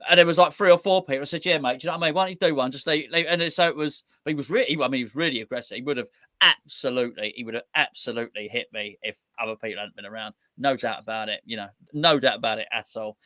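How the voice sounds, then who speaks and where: A bright, quick-talking man tells stories in a casual chat, acting out what other people said. His voice sits a little high and sounds close and dry. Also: no echo. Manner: animated storytelling, quotes others. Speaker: fan channel host.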